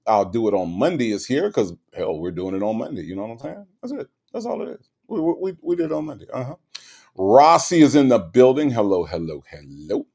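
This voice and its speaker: Laid-back low-voiced man greeting his chat. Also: creaky. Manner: laid-back, greets viewers one by one, swings between low mumbles and loud outbursts. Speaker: livestream host. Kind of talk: casual livestream chat reading viewer comments.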